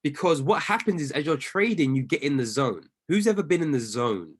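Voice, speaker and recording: A young man, a trading coach, giving an animated live talk and acting out the panic of a losing trader. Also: on the high side, brisk, slightly rough. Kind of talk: live-streamed motivational talk.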